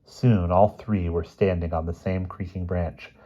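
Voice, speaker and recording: Low-voiced man reading a story. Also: fairly even intonation, a little slow, mellow. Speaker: reader. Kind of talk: reading a children's novel aloud. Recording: dull lo-fi recording.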